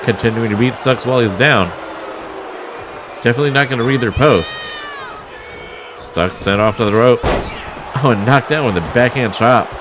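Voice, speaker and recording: A man's voice: mid-range voice, normal speed, long pauses. Wry male wrestling commentator, noisy crowd. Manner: wry, mocking play-by-play with chuckles. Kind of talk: play-by-play commentary.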